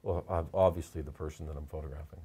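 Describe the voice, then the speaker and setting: A man, a portrait photographer, telling stories in a casual interview, halting and repeating words as he gets emotional. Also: a bass voice, fairly even intonation, mellow, husky.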